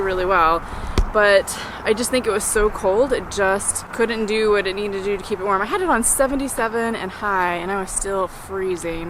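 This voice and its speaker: A woman's voice: medium pitch, background noise. A woman with a Texas Southern accent, talking to her viewers as a travel vlogger in a chatty, upbeat way. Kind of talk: casual vlog talk to camera.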